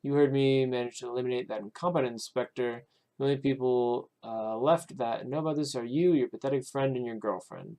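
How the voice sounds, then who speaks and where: A man's voice: medium pitch, fairly even intonation, a little fast, mellow, natural voice. A man reading out the lines of a scheming male villain who gloats over his trapped victim, smug and taunting with small hesitations. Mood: smug gloating. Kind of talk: reading game dialogue aloud.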